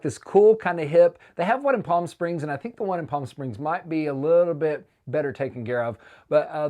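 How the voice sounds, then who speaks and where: A man with a fairly high voice tells a travel story in a casual vlog. He sounds animated and excitable, and his delivery keeps the story moving. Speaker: touring singer recounting a trip.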